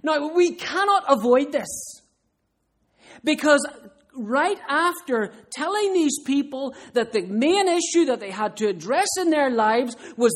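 A man preaching a sermon in an earnest, emphatic way. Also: very high voice. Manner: earnest, emphatic, with rhetorical questions.

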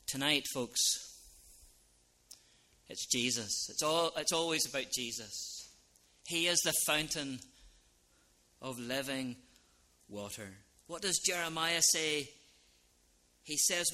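A man preaching an evangelistic sermon as a minister, earnest, dropping to soft lines and rising to loud ones. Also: fairly high pitch, animated, unhurried.

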